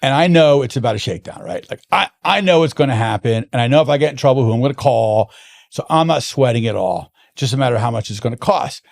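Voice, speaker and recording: A man's voice: mid-range voice, fast, vocal fry. A man being interviewed, telling long stories in a casual chat with lots of restarts. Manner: animated anecdotes with frequent restarts. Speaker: guest, wine importer.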